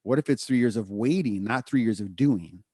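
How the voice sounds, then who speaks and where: A man co-hosting a podcast, telling a candid personal story in casual chat, full of fillers and quick asides. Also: on the low side, warm tone, husky, dry recording, studio quality. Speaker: podcast co-host.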